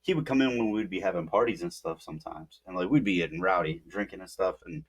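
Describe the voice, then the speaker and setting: A man's voice: sits low, fast, husky. A man co-hosting a podcast, telling a rambling story in casual chat with lots of "like" and restarts. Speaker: podcast co-host.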